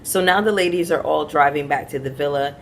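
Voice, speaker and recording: A woman's voice: sits low, fairly quick, slight background noise. A woman chatting casually to her viewers as she recaps a reality TV episode, opinionated and talking straight to her audience.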